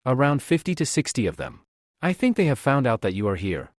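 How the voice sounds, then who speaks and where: A man voicing a loyal, protective male bodyguard in a flat read-aloud delivery. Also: mid-range voice, fairly quick, dry recording, studio quality, natural voice. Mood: urgent.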